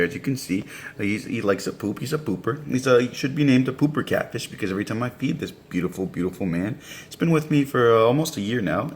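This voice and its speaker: A man's voice: mid-range voice, slight background noise. A young man vlogging casually to camera in a home room full of aquarium tanks, chatty and jokey, often calling his viewers guys.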